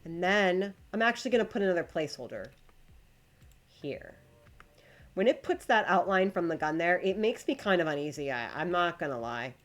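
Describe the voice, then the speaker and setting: A woman's voice: lowish voice, expressive, normal speed. A woman streaming live, chatting casually to her viewers and to the game while she builds, swearing when it frustrates her.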